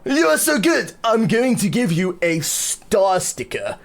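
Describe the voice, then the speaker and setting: Excitable music teacher who squeals at everything, put on by a man, pitched way up. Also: slow, creaky, heavily acted. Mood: amazed. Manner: squealing, over-the-top amazement. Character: gushing, easily impressed male music teacher.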